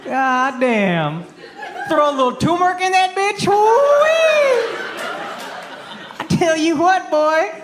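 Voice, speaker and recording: A man's voice: extremely high pitch, big pitch swings, slow, pauses often, reverberant, crowd noise, background noise, voice pushed up, heavily acted. A man putting on a hollering redneck cowboy. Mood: rowdy. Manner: hollering, whooping, drawling. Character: loud rowdy Texan redneck cowboy man. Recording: live stage recording with audience.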